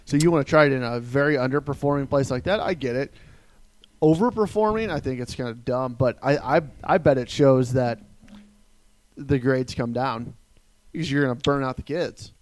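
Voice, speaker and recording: A man's voice: mid-range voice, moderate pace. A man in his thirties talking on a casual podcast. He gives blunt opinions and stumbles through a lot of ums and uhs. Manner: frank, opinionated, with many fillers. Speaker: podcast co-host. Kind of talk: casual chat.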